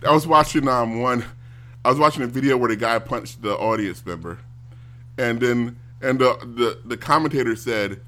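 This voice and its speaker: A man ranting casually to a stream audience, animated and given to mocking impressions. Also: medium pitch, moderate pace, a little hiss or hum. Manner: animated, mocks others in loud exaggerated voices.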